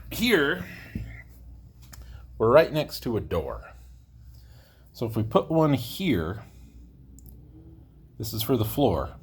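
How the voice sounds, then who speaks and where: Rambling, outspoken man with a lively voice. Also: on the low side, slightly rough. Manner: rambling and outspoken, jokes about himself. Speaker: DIY builder host. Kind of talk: casual talk while building.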